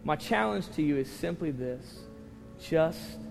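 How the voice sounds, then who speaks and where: A man preaching a sermon as pastor, telling a story emotionally, swinging from loud to hushed and tearful at times. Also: on the high side, animated, measured pace, creaky. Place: church sanctuary. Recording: church hall reverb with music.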